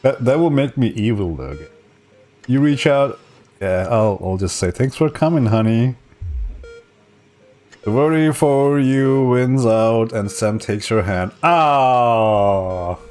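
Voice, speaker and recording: A man's voice: mid-range voice, unhurried, warm tone. A young man streaming a game, reading its story text aloud with laughing, joking asides. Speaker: gaming streamer.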